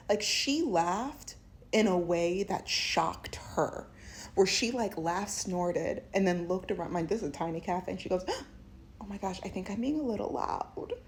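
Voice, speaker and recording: A woman giving a sassy, animated storytime commentary, often slipping into voices of the people she describes. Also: lowish voice. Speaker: video essayist.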